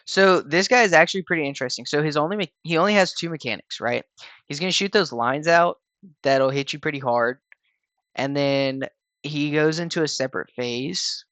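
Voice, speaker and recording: A man casually talking viewers through a video game raid fight in a relaxed, rambling way, with lots of fillers and restarts. He sounds a little tired. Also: fairly high pitch, normal speed, smooth, dry recording. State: tired, yawning. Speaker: gaming channel host explaining a raid. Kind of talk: casual gameplay walkthrough voice-over.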